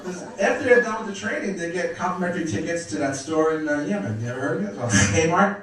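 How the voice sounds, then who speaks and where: A fast-talking middle-aged comedian from Brooklyn, New York works the crowd with brash wisecracks during his stand-up set at a comedy club. His voice runs on the high side, expressive and fairly bright. It's recorded from afar in an echoey room.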